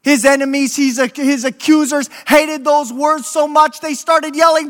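A man preaches in a slow, deliberate cadence, his voice very high and bright. He builds to impassioned emphasis, and a long reverb from a large hall trails each phrase. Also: steady tone. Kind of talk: sermon storytelling.

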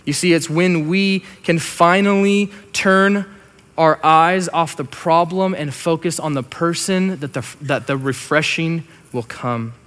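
A male pastor delivering a sermon with slow, emphatic lines and soft, hushed asides. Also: a little high. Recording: long hall reverb.

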